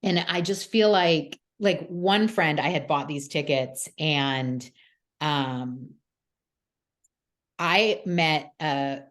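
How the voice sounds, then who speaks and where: Podcast host, young woman, low-pitched, casual storyteller, lots of um and like. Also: drawn-out words. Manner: chatty, storytelling, many fillers.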